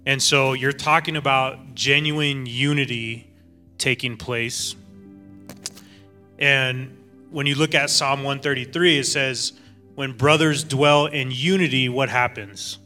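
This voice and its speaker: Male pastor, clear bright tone, relaxed teaching sermon over soft music, keeps asking "right?". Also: mid-range voice, slow pace. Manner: reflective, repeats phrases, checks in with "right?". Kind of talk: informal sermon at a church dinner gathering.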